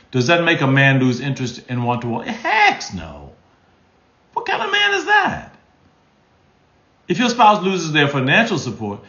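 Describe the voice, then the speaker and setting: A man's voice: a little high, fairly bright tone, roomy sound, dull audio. A man in his sixties, a marriage counselor answering live questions in a folksy, emphatic way. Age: 60s. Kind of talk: live stream Q&A.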